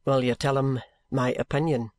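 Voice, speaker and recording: A man's voice: medium pitch, fairly even intonation, normal speed, no room sound, close to an everyday voice. A man reading an audiobook, voicing a stolid, taciturn old soldier who murmurs short remarks. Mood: gruff. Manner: murmuring, terse. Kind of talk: audiobook character voice.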